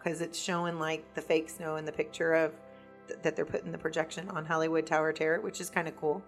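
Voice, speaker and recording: Woman podcast co-host, low voice, chatty, excitable, casual studio chat. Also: fast talker, soft background music. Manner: chatty, excitable, loses her words mid-sentence. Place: recording studio.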